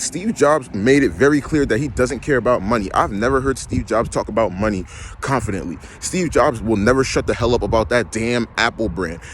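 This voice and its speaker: A man's voice: mid-range voice, slight background noise. A young man, ranting emphatically and repeating himself in a vlog. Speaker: vlogger. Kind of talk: ranting monologue.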